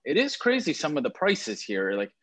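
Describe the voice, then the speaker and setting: A man's voice: on the high side, normal speed. A man co-hosting a podcast, chatting enthusiastically about sports cards and correcting himself as he goes. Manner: enthusiastic, lively, self-correcting. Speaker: podcast co-host. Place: on a trip, away from home.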